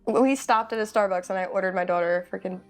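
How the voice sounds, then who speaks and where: A woman's voice: mid-range voice, fast talker, faint music behind. Laughing woman sitter in a reading. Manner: answers briefly, often laughing.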